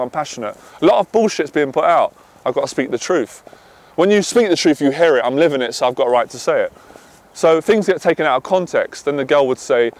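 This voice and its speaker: A man coaching on dating, talking intensely, swearing and then calming himself down. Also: on the high side, fast. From half Irish. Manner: intense, swears, swings from loud to quiet. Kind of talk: passionate monologue to camera.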